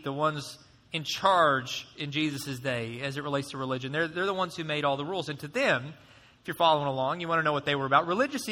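Bright-voiced male pastor preaching in a hall. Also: a little high. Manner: conversational, animated, acts out voices. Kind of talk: sermon.

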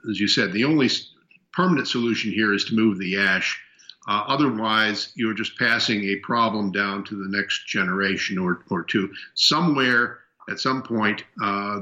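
A man guest on a radio show speaking earnestly, with many pauses and fillers. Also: fairly low pitch, sharp tone, highs cut off. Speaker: guest, environmental advocate. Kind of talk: casual chat.

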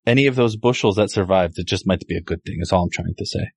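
A man playing a tabletop game who talks in a halting, rambling way, full of restarts. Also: low voice, dry recording. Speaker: player. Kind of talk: casual tabletop game play.

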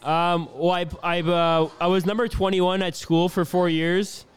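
A man in his twenties from Canada, answering interview questions in a relaxed, easygoing way with lots of fillers. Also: sits high, unhurried, clear, resonant tone. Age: 20s. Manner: easygoing, laughs often, many fillers. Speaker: hockey player being interviewed.

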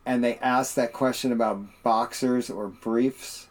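A man co-hosting a podcast in casual chat, with dry, wry asides delivered deadpan. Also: mid-range voice, measured pace. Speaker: podcast co-host.

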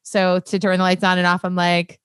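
A woman's voice: lowish voice, completely flat delivery, brisk, fairly bright tone, smooth, no echo, studio quality. A woman co-hosting a podcast, bubbly and laughing as she chats casually. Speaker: podcast co-host. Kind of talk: casual chat.

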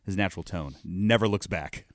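A man's voice: sits low, normal speed, no room sound, clean studio sound. A man in casual podcast chat, laughing often and rambling with fillers and restarts.

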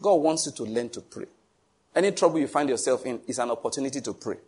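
A man's voice: mid-range voice, fast, a little mellow, slightly rough. A man preaching a sermon emphatically and asking the congregation questions. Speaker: pastor.

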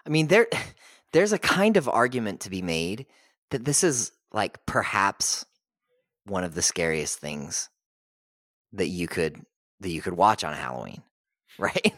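A man with a fairly low voice talks in easy podcast chat and gets animated as he retells scenes. He jumps into quick voices for the characters he quotes. The sound is dry and close, with no room around it. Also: no room sound. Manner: animated storytelling, acts out characters' lines. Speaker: podcast host. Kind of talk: casual chat.

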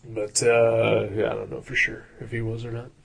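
Gravelly, husky male co-host; casual film chat, halting with fillers. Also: mid-range voice, monotone. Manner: rambling, many fillers and restarts.

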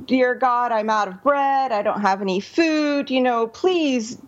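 A woman's voice: on the high side, unhurried, lo-fi sound, lightly acted. A woman voicing a poor, devout woman in a told story, praying humbly. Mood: pleading. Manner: pleading prayer, then overjoyed.

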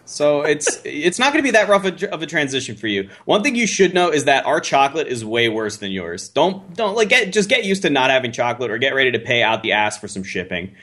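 A young man from the United States with a bright, forceful voice rants crudely and jokingly on a casual podcast. His pitch sits mid-range, and laughter breaks through often. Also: sing-song, fairly quick, few pauses. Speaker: podcast co-host. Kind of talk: casual chat.

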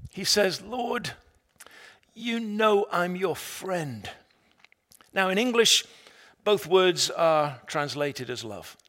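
A man preaches slowly, with a voice pitched a little high. He retells the story dramatically, rising to loud emphasis and dropping to a hush. His words ring with the long reverb of a large hall. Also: sing-song. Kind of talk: sermon.

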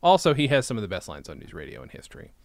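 Joking podcast man with lively pitch. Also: racing, no room sound. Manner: joking, rambling, tries silly voices. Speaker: podcast co-host. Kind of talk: casual chat.

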